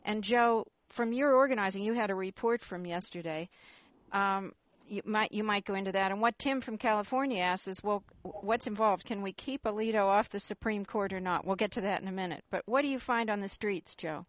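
A woman hosts a radio talk show, her voice recorded dry and close. She asks her guests questions haltingly, restarting phrases as she goes. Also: mid-range voice, no room sound. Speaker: radio host.

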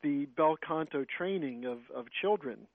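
A man's voice: on the high side, lively intonation, normal speed, no echo, phone-quality sound. A man hosting a radio interview, leading with questions and brief comments. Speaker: radio host.

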